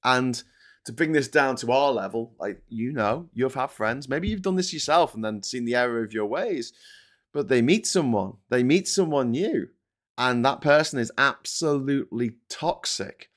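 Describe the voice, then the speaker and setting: A British man hosting a casual political commentary show, talking in a lively, rambling way with frequent swearing and restarts. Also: medium pitch, moderate pace. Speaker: host of a live commentary show.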